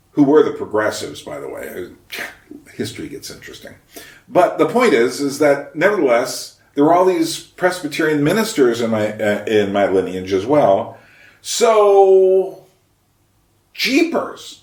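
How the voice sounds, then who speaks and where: A man of middle pitch muses aloud in a casual history monologue, often pausing to find his words. He sits some way from the microphone, and the room around him rings with echo. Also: darkish tone. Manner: musing, thinks aloud with frequent pauses. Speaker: history vlogger. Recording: roomy echo, mic at a distance.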